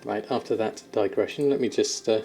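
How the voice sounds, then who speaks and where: A man's voice: fairly low pitch, a little fast, vocal fry, darkish tone, faint music behind. A man streaming from home, chatting casually with viewers and cooing affectionately at his kittens, laughing often. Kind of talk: casual live-stream chat. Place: at home, indoors.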